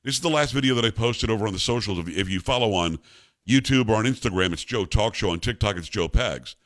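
A man's voice: on the low side, fast talker, fairly bright tone. A man in his fifties hosting a talk radio show, giving opinionated commentary in an emphatic, conversational way and mixing in personal stories.

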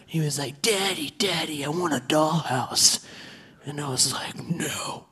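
A woman's voice: low-pitched, unhurried, fairly bright tone, slightly rough, full character voice. A woman playing a crude male edgelord comedian, mocking and sneering, on a theater stage. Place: theater stage with live audience. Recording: live crowd and noise in theater.

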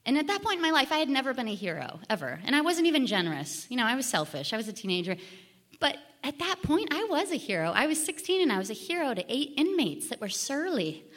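Animated high-voiced woman telling a story. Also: fast talker. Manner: animated, comic, acts out quoted voices. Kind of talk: live storytelling on stage.

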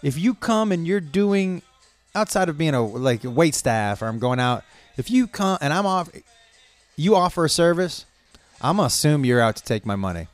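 Profane ranting man, slightly high voice. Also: big pitch swings, normal speed, dry recording. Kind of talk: stream-of-consciousness rant. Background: faint music playing.

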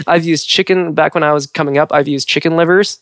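A young adult trans woman, a Foley artist, telling stories in an animated, expressive way with frequent fillers in a casual podcast conversation. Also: low-pitched, fairly quick, no room sound, clean studio sound.

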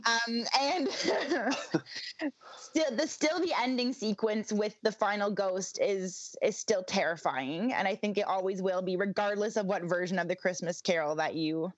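A woman's voice: medium pitch, measured pace, dry recording. Chatty woman full of ums, dry muffled sound. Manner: chatty, many ums and restarts, laughs easily. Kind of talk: casual chat.

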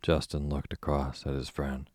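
A man narrating a novel as a bedtime audiobook, with calm, measured storytelling. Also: rumbling low, no room sound, clean studio sound.

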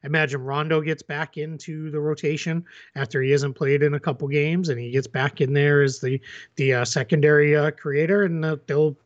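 A man's voice: a little high, little pitch movement, a little fast, dull audio. A man co-hosting a sports podcast, talking casually with many fillers and restarts. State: has the hiccups. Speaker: podcast co-host.

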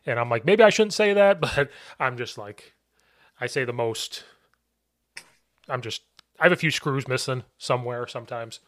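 A man's voice: mid-range voice, fairly even intonation, moderate pace, pauses often, fairly bright tone, no room sound. Jokey man on a dry mic. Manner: jokey, laughs often, outlandish one-liners. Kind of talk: casual podcast conversation.

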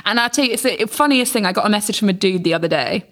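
Young woman guest, candid and lively, swears, mid-range voice. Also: medium pitch, rapid-fire. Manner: frank and animated, swears, acts out messages in voices. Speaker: podcast guest. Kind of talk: casual podcast chat.

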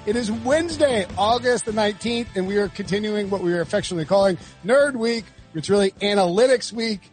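A man's voice: sits high, quick pace, soft background music. A man from North Carolina hosting a podcast in casual, rambling chat with many restarts. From North Carolina, USA. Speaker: podcast host.

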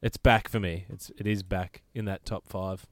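A man co-hosting a podcast in casual chat, measured with dry jokes. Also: sits low, fairly even intonation, a little hiss or hum. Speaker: podcast co-host.

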